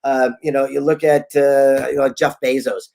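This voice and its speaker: Animated storytelling man. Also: mid-range voice, moderate pace, vocal fry. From Southern California. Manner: animated storyteller, acts out quotes. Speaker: guest author and speaker. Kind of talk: casual interview storytelling.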